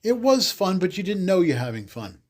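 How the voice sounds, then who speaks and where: A man, a podcast guest telling loud, animated stories in casual chat, cursing freely and acting out the people he quotes. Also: high-pitched, normal speed. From the Bronx, New York. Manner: animated, swears freely, acts out quotes loudly. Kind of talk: casual storytelling.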